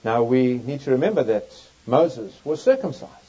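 A man's voice: medium pitch, very animated, normal speed, mellow. Man preaching scripture, dull lo-fi sound. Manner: reads scripture aloud with emphatic, swooping delivery. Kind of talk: Bible teaching sermon. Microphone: overhead projector in use, lecture setting. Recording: dull lo-fi recording.

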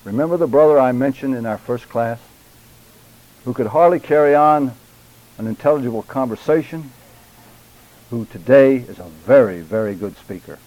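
An older man teaching a church public speaking class, deliberate and emphatic, addressing his students directly. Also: mid-range voice, expressive, mellow, poor audio.

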